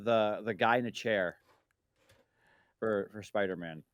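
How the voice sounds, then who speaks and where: A man co-hosting a casual review podcast who teases the others and asks quick questions. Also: fairly low pitch, dry recording, dull audio. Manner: teasing, quick questions, laughs. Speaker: podcast co-host.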